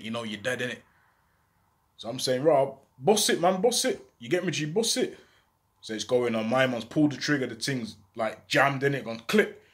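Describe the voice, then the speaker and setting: A man's voice: medium pitch, a bit bright. A young man telling a story in street slang, acting out the voices he quotes. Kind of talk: casual storytelling.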